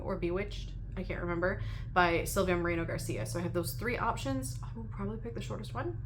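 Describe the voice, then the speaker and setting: A woman's voice: on the low side, background noise. A woman hosting a casual reading-recap vlog, chatty and rambling, often giggling between thoughts. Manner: rambling with frequent ums and restarts. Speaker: book reviewer and channel host. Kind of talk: casual chat.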